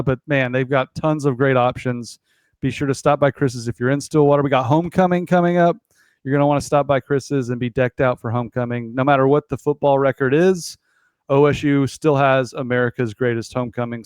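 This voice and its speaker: A man, hosting a casual sports podcast over a remote call in a relaxed, conversational way. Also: medium pitch, clean tone, dry recording. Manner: conversational, relaxed with occasional fillers. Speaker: podcast host.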